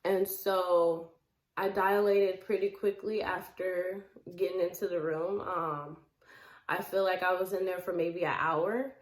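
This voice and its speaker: A young woman vlogger telling a personal story in a casual, animated way. She laughs often and acts out the lines that people said. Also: fairly low pitch, a little slow. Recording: echoey room.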